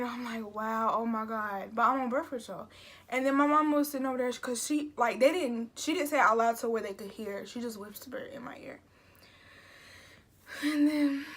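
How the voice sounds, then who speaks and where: A young woman talks straight to camera in a casual storytime vlog. She rambles and restarts her sentences, piling up fillers as she relives an emotional story. Her voice sits a little on the high side. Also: fairly bright tone. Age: young adult. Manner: chatty, emotional retelling with many fillers and restarts. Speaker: vlogger.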